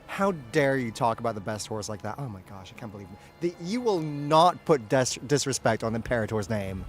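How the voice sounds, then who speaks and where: A man's voice: medium pitch, brisk, hardly any pauses. A man streaming a game playthrough, reacting with dramatic mock outrage and laughter. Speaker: streamer and voice actor. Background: game music.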